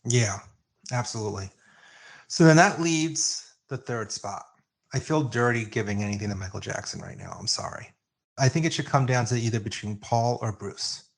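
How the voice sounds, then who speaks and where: A man co-hosting a music podcast, chatting casually and getting excited and openly emotional. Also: medium pitch, normal speed. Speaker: podcast co-host. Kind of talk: casual music debate chat. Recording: remote call, own mic.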